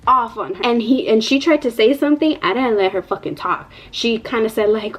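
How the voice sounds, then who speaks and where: A woman's voice: fairly high pitch, brisk, hardly any pauses, poor audio. A young mother telling a casual, profanity-laced vlog story, full of fillers like "like" and "you know.". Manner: chatty, profane, many fillers. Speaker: vlogger, mother.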